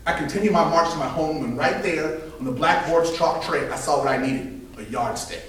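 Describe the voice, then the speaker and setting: A man in his thirties telling a personal story live at an open mic, animated and laughing between lines, recorded from a distance in a very echoey room. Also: fairly high pitch, moderate pace, slight background noise. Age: 30s. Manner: animated, laughing between punchlines, acting out voices.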